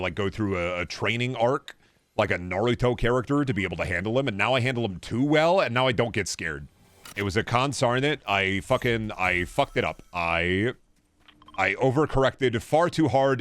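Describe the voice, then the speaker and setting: Man, twenties, slightly deep voice, gaming streamer, rambling, swears a lot, jokey, chats back to viewers. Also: fairly bright tone. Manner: talks back to chat while playing. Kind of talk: casual gaming livestream chatter.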